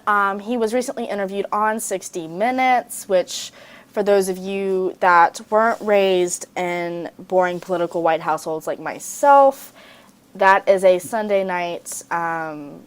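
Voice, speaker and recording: A woman with a Southern US accent hosting a podcast in casual chat, profane and rambling with lots of ums. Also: medium pitch. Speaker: podcast host.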